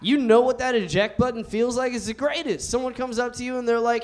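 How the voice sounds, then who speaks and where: A young man with a notably high speaking voice works a comedy club stage, talking into a handheld mic. His delivery is loose and laid-back, stretching out the punchlines of a stand-up set. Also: fairly even intonation, fairly quick, hardly any pauses, darkish tone. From United States.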